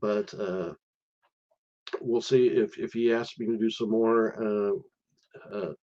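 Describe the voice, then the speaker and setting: Halting low-voiced man on a live stream. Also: fairly even intonation, warm tone, muffled recording. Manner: hesitant, many fillers and restarts. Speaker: live stream host sharing visa experience. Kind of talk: casual live stream talk.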